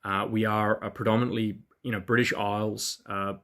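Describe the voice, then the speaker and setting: A man delivering a political monologue in a measured, lecturing way, with many filler pauses. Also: fairly low pitch, little pitch movement, fairly bright tone. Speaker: political commentator in a played clip. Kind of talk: monologue to camera.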